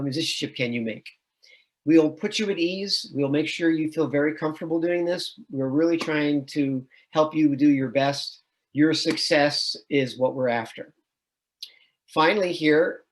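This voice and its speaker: Presenting an online admissions webinar, a middle-aged music education professor explains things patiently, illustrating with sung and chanted examples. His voice is fairly high in pitch.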